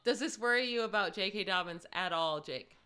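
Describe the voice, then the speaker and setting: A woman with a bright, forceful voice chats casually on a sports podcast. She reads out news items and adds her own asides. Her pitch sits in a middle range. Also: fairly quick, clear, resonant tone. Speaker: podcast co-host.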